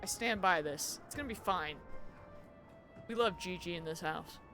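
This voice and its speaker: A young woman streaming a game, reacting excitedly and emotionally, with frequent laughter. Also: lowish voice, normal speed. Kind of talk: live game stream commentary. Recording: game music behind.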